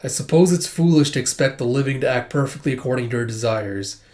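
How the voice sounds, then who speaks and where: A man voicing a calm, refined, mysterious man as he reads a manga aloud. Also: medium pitch, lightly acted. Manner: measured, formal.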